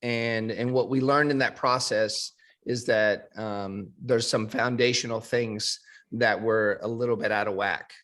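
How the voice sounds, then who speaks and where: A man, a dentist guest in an interview, speaking in a measured way with frequent pauses. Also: on the low side, steady tone, a bit bright. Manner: measured, with many fillers and restarts.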